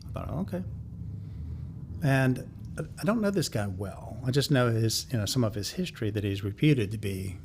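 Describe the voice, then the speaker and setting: A man's voice: medium pitch, lively intonation, moderate pace, a little hiss or hum. A man in his sixties from North Carolina, a songwriter and publisher telling stories in an interview, rambling with many fillers and chuckles. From North Carolina, USA. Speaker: guest songwriter and music publisher. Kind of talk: anecdotal storytelling in an interview.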